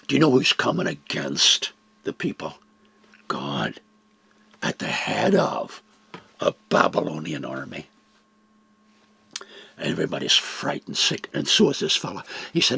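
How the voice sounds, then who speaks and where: Older male Bible teacher: slow, husky, animated delivery, dry close sound. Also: low voice, no room sound. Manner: expressive, acts out quoted dialogue. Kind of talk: reflective Bible talk.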